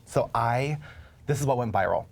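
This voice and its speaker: A man as a podcast guest, chatting casually and telling stories with animated, campy flair. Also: medium pitch, normal speed, creaky. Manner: animated storytelling with camp flair. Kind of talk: casual chat.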